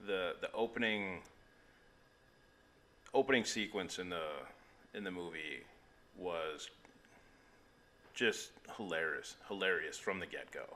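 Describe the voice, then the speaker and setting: A man's voice: low-pitched, unhurried, pauses often, pushed and bright, slight background noise. A man co-hosting a casual comedy movie podcast, talking enthusiastically and often repeating words as he searches for them. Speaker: podcast co-host.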